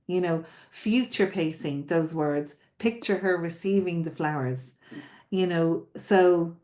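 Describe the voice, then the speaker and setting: A woman's voice: lowish voice, darkish tone. A woman coaching florists on selling, explaining in a conversational way and often checking in with her listeners. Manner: explains with frequent check-in questions and repetitions. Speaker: sales coach teaching florists. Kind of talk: spoken teaching.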